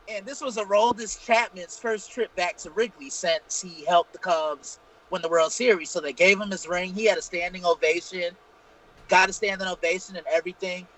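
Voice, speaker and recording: High bright-voiced man telling stories. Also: rough recording. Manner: profane, rambling anecdotes. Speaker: podcast co-host. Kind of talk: casual storytelling chat.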